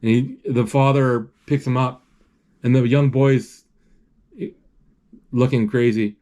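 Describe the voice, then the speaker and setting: A man's voice: medium pitch, fairly even intonation, mellow. A man describing a film as he watches it, often stopping to hunt for words and restarting his sentences. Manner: halting, searching for words; frequent restarts and fillers. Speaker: movie describer. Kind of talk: live play-by-play of a film.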